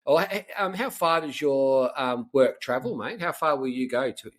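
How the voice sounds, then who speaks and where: A young Australian man hosting a podcast interview, chatty and relaxed, calling his guest mate and filling pauses with um. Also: medium pitch. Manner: chatty, says mate a lot, many fillers. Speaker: podcast host. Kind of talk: casual interview chat.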